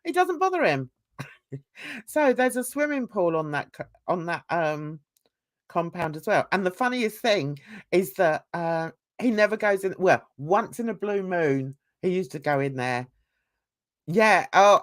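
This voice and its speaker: Chatty woman, lively and unhurried. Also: lowish voice. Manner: chatty, gossipy, laughs often. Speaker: commentary channel host. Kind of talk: casual reaction commentary.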